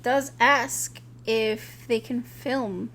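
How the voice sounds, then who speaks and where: A woman's voice: fairly high pitch, steady tone, drawn-out words, a bit bright. A young woman co-hosting a podcast, chatting casually about a movie and peppering her speech with "like". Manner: easygoing, heavy use of "like". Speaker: podcast co-host. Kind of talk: casual chat recapping a movie.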